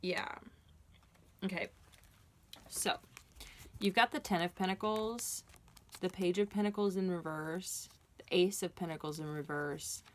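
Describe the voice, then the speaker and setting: A woman with a slightly low voice gives a casual tarot reading. She talks straight to her listener in an earnest, reassuring way. Her sentences loop back and restart, full of fillers. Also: steady tone, a little slow, pauses often. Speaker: tarot reader.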